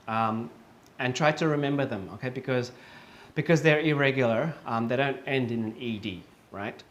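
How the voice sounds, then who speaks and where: A man teaching English pronunciation, patiently repeating each word for learners, with frequent fillers and self-corrections. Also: mid-range voice. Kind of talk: online pronunciation lesson.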